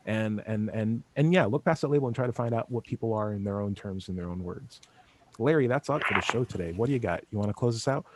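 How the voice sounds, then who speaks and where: Energetic rambling male host. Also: fairly low pitch, fast talker, a little hiss or hum. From California. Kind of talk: casual podcast hosting.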